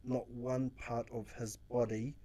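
A man's voice: mid-range voice, little pitch movement, takes it slowly, mellow. A New man, a social worker, telling stories in a casual interview, acting out his own quotes and swearing freely. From New Zealand.

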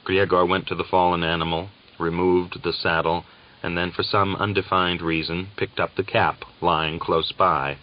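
Deep-voiced man reading a novel aloud. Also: flat delivery, muffled recording. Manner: measured and dramatic. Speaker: audiobook narrator. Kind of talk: scripted audiobook narration.

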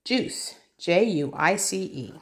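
A woman's voice: lowish voice, lively intonation, takes it slowly, fairly bright tone. A mother patiently reading an alphabet workbook aloud with her child, spelling words letter by letter and echoing the child's prompts.

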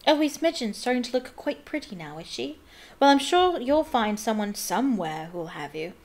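A woman voicing a lofty, sharp-tongued teenage schoolgirl in a read-aloud. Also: a little high, brisk, close to an everyday voice. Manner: lofty and snappish.

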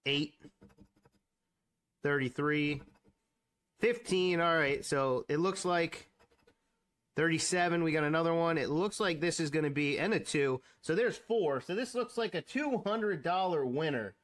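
A man's voice: fairly high pitch, measured pace, a bit bright. A man hosting a scratch-off ticket channel, commenting casually and exclaiming as he counts numbers aloud. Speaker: lottery scratch-off channel host.

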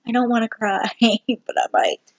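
A vlogger giving a candid personal update, talking slowly and haltingly with many ums and restarts. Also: mid-range voice, big pitch swings, highs cut off. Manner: candid and self-deprecating. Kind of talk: casual personal health update.

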